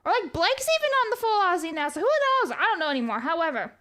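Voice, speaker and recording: A woman's voice: extremely high pitch, sing-song, fast talker, a bit bright. A woman livestreamer chatting casually and reading viewer messages aloud. She rambles, jokes and swears freely. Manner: rambling and profane, reads chat aloud. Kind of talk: casual live stream chat.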